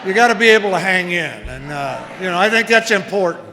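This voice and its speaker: Against a noisy background, a man in his sixties tells his story at a recovery meeting in a wry, self-deprecating way. His voice is high, with lively intonation and a fairly quick pace, and the meeting hall gives it long reverb.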